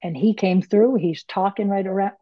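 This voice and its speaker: Woman, medium, casual storytelling, lively inner-voice reenactments, dry close sound. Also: medium pitch, moderate pace, dry recording, lo-fi sound. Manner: animated, acts out her own panicked inner voice. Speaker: medium and author, guest.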